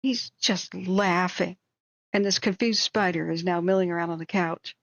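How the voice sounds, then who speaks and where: A woman hosting a livestream, telling a rambling story in a casual, animated way, acting out what people said. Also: on the low side, normal speed, dry recording, highs cut off. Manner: animated, rambling, acts out quotes with shrieks and laughs. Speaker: livestream host.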